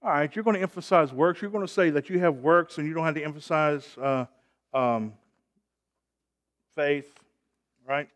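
A man preaching a sermon, emphatic, with call-and-response and loud rising peaks. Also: a little high, moderate pace, long pauses.

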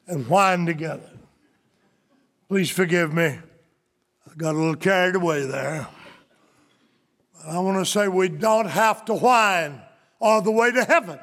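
A man preaching a sermon as pastor, folksy and joking, with rising, drawn-out emphasis. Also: sits high, a bit bright.

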